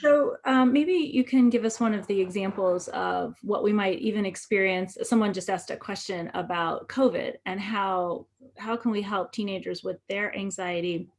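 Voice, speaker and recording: A woman's voice: mid-range voice, moderate pace, hardly any pauses. A woman moderating an online book talk, asking easygoing, conversational questions. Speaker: event moderator. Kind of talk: conversational interviewing. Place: online video event.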